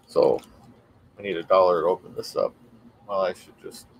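A man's voice: sits low, moderate pace, creaky, a little hiss or hum, low-quality recording. A man co-hosting a live online coin auction, greeting bidders by name and showing the coins. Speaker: auction host.

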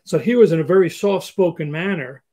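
A man's voice: fairly high pitch, a little fast. An older man speaking as an interview guest, giving hiring advice in a conversational way and acting out example dialogue. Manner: animated, acts out example dialogue.

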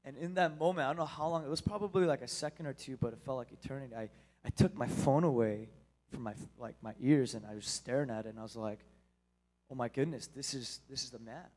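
A young man stands before a church congregation and tells a personal story. His voice sits in a middle pitch range. He speaks haltingly and with feeling, often stopping and starting again. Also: darkish tone, low-quality recording. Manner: halting, emotional storytelling with many restarts. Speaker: church speaker sharing a testimony. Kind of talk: personal testimony in a sermon.

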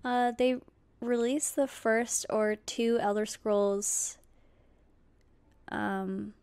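A woman's voice: on the high side, steady tone, very slow, darkish tone, clean tone, no room sound. A young woman streaming a video game, chatting casually with her viewers, giggling often and using lots of fillers. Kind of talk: casual gameplay livestream chat.

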